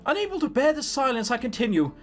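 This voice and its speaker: A man's voice: very high voice, sing-song, fast talker, faint music behind, voice pushed up, heavily acted. A man reading the lines of a self-serious teenage boy narrator in a visual novel, melodramatic and self-conscious. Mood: earnest.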